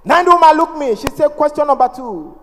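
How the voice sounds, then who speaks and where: A male comedian with a Ghanaian accent telling a stand-up story, lively and playful, slipping into mimicked voices. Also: very high-pitched, fairly quick, slight background noise. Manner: animated, mimics voices, playful pidgin-flavored delivery. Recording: long reverb of a large hall.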